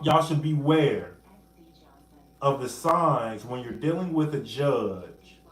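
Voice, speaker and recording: A man hosting a casual livestream. He talks in an animated way and breaks off to greet viewers by name. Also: medium pitch, roomy sound. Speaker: livestream host.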